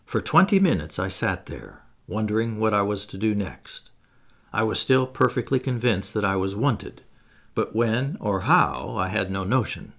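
Gravelly, expressive male audiobook narrator. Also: lowish voice, normal speed. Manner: expressive, dramatic reading. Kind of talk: audiobook narration of a classic novel.

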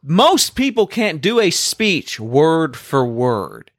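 A man's voice: fairly high pitch, big pitch swings, slow, no echo, clean studio sound. A man co-hosting a casual podcast, joking around and reciting movie lines with gusto. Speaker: podcast co-host. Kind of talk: casual chat.

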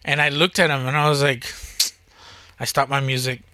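Bright, rambling, cursing young man. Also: mid-range voice, little pitch movement, moderate pace, dry recording. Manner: rambling, swears a lot, laughs often. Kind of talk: casual chat.

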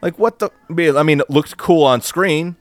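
A man co-hosting a podcast in casual chat, animated and profane, mocking others in quoted voices. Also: a little high, a little slow, dry recording. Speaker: podcast co-host.

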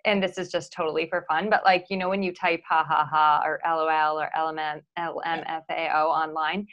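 A woman hosting a casual podcast interview, playful and quick to laugh as she asks her questions. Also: sits low, level tone, dull audio. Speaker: podcast host.

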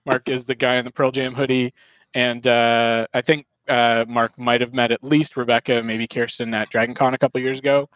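A young adult man hosting a casual podcast from a hotel room, relaxed and rambling, with plenty of fillers. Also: medium pitch, normal speed, clean tone, dry recording. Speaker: podcast host.

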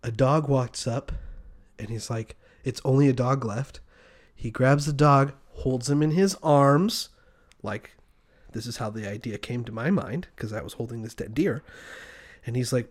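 A man in casual comedic chat, playfully pitching a made-up movie plot and doing quick voices. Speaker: podcast co-host.

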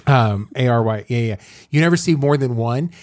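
A man's voice: medium pitch, expressive, moderate pace, darkish tone, dry recording, clean studio sound. A man hosting a podcast, recapping a movie in casual chat, rambling with lots of fillers and laughs. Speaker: podcast host.

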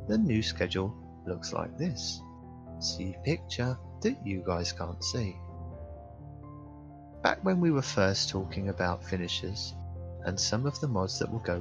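Calm British male co-host, low voice with lively inflection, music bed clearly behind. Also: lo-fi sound. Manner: calm, even reading voice. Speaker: podcast co-host. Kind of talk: casual gaming podcast chat and reading notes aloud.

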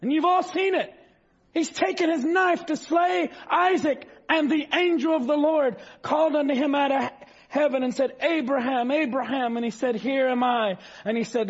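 A male preacher delivering a fervent sermon, reading scripture slowly and rising to shouts. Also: extremely high pitch, steady tone. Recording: dull lo-fi sound.

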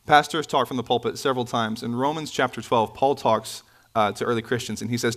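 A man preaching a sermon in a church, conversational with asides and self-corrections, his pitch jumping up when he stresses a point. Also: fast talker. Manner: animated, pitch swinging up for emphasis. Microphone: microphone, sometimes bumped.

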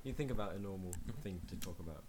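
A man's voice: deep voice, expressive, very noisy. A young man co-hosting a podcast in casual chat, teasing his friend dryly. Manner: slow, dry teasing. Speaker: podcast co-host.

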